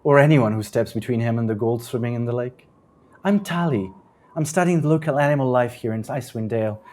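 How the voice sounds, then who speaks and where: A woman's voice: extremely low pitch, expressive, brisk, warm tone. An earnest young half-elf researcher speaks out urgently and plainly, voiced by a man behind the game master's screen. She is warning others and sounds set on being heard. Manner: outspoken, urgent.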